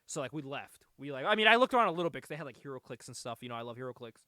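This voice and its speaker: A man hosting a casual comic-book podcast, telling excited, profane stories and laughing often. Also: mid-range voice, rapid-fire, dry recording, clean studio sound. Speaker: podcast host. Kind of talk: casual chat.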